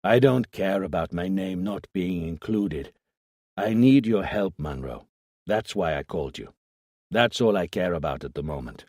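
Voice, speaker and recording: A man's voice: low voice, lively intonation, a little slow, a little mellow, no echo, studio quality, exaggerated voice. A man voicing a determined, insistent detective pressing a contact for help.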